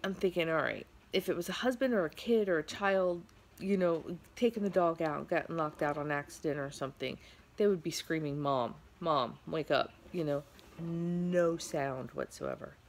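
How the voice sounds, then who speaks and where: A woman's voice: fairly low pitch, moderate pace. A tired middle-aged woman vlogging from home, telling a rambling story with lots of fillers. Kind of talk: casual storytelling vlog.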